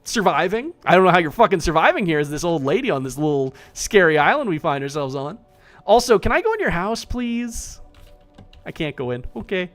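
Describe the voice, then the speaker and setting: A man streaming himself playing an indie survival game, chatting casually with animated, profane, self-mocking commentary. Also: high-pitched, brisk, faint music behind.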